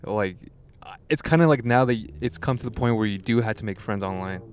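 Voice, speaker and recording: A man's voice: fairly low pitch, lively intonation, fairly quick, smooth. A young man co-hosting a podcast, chatting casually and rambling, with frequent restarts and plenty of swearing. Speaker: podcast co-host. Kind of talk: casual chat.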